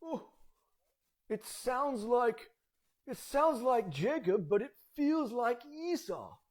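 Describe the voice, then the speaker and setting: A man voicing a frail old blind father on his deathbed, in a quavering, drawn-out old voice. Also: very high voice, very animated, pitched above the performer's own voice, exaggerated voice. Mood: suspicious. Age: older.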